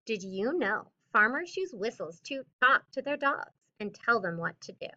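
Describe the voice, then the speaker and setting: A woman teacher reading a picture book aloud to children with expressive storybook delivery, then talking through the lesson. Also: fairly high pitch, normal speed, few pauses, muffled recording.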